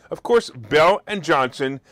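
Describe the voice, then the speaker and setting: A man hosting a markets talk show, talking in a sarcastic, animated way, now and then bursting into loud mock outrage. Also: a little high, vocal fry, dry recording, studio quality. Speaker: host. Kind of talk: opinionated market commentary.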